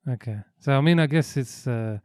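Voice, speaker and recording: A man's voice: medium pitch, moderate pace, a little mellow, no room sound, clean studio sound. A man hosting a casual interview podcast, asking rambling questions with many fillers. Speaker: podcast host.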